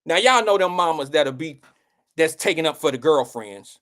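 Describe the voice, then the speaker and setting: As a show host, a young man shares a personal story at a normal speed, his voice on the high side. He animatedly performs the quoted lines in a raised voice.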